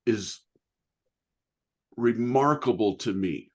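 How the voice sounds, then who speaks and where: A man's voice: medium pitch, takes it slowly. A man hosting a podcast interview, admiring and emphatic, repeating his praise of the guest's story. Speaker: podcast host. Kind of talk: interview conversation.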